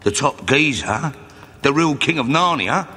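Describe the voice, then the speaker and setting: A man playing a chatty, excitable male beaver in a film, speaking in a brisk, folksy, teasing way. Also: medium pitch, slightly rough, exaggerated voice. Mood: earnest. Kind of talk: film dialogue. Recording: reverberant film clip with music.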